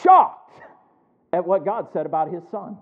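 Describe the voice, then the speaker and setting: A man preaching a sermon, drawing responses from his listeners and reading scripture slowly and with emphasis. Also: high voice, sing-song. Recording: tinny phone-like sound.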